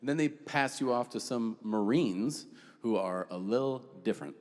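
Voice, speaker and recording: Male stand-up comic, deadpan storyteller, lively pitch, live venue with long reverb. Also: normal speed, slight background noise. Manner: deadpan storytelling with acted quotes, profane. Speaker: stand-up comedian. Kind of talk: stand-up comedy routine. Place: comedy stage.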